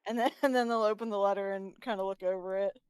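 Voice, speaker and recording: A woman's voice: mid-range voice, steady tone, quick pace, a little mellow, clean tone. A woman playing in a tabletop game, talking casually with crude asides. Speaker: player.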